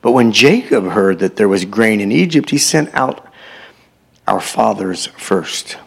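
A preacher reads scripture aloud to his listeners. His voice sits low and has a gravelly, husky grain. Now and then he stops the reading to add a short aside of his own. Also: animated, measured pace. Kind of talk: sermon scripture reading with commentary.

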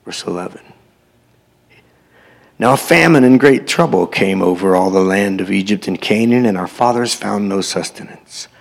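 Male preacher, gravelly and husky, reads scripture with brief asides. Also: low-pitched, moderate pace. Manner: reads scripture aloud, breaking in with short asides. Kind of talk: sermon scripture reading with commentary.

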